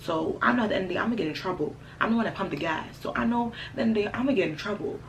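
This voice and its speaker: A young woman telling a storytime on her vlog, animated, slangy and profane. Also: medium pitch, very fast, slight background noise, poor audio. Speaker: vlogger. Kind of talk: casual storytime.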